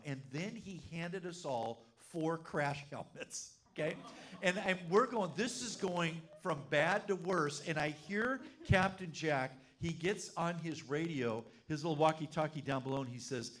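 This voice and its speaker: A middle-aged man preaching a sermon as pastor, telling a funny story with lively energy. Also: fairly high pitch, measured pace. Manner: animated, humorous storyteller.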